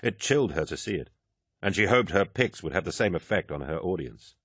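A man narrating an audiobook in a measured, low-key storytelling manner. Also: expressive, fairly bright tone, breathy edge, dry recording, clean studio sound. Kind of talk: scripted narration.

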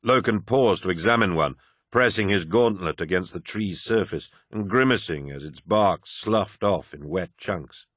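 A man narrating an audiobook in a measured, grave manner. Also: deep voice, fairly bright tone, slightly rough, no echo, studio quality.

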